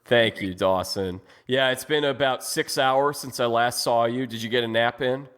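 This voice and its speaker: A man's voice: mid-range voice, normal speed, fairly bright tone, smooth. A man hosting a casual video chat, playful and joking with his guests. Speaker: host.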